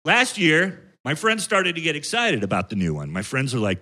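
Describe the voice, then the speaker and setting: Profane, lively stand-up comic man. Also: mid-range voice, a little fast, hardly any pauses. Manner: profane, ranting delivery. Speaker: stand-up comedian. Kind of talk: stand-up comedy set. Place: comedy stage before a live audience. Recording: live set with loud crowd and room noise. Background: audience laughter.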